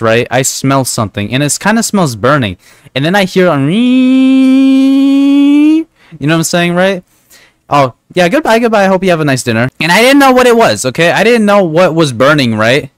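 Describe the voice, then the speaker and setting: A man's voice: on the high side, no echo, clean studio sound. Rambling, profane young male streamer. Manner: rambling, profane, keeps asking "right?". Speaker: gaming streamer. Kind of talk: casual storytelling while gaming.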